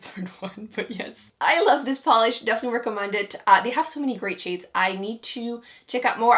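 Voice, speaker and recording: A young woman chatting casually to camera about her monthly favorites, giggling often and filling pauses with "uh" and "like". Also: mid-range voice, fairly bright tone. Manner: chatty, giggly, many fillers. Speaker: beauty vlogger.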